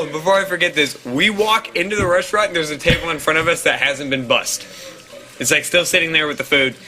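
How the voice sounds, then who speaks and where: A young man co-hosting a podcast, telling a story in casual, profane, filler-heavy talk and mimicking the people in it. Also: a little high. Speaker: podcast co-host. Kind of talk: casual storytelling among friends. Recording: co-hosts laughing in background.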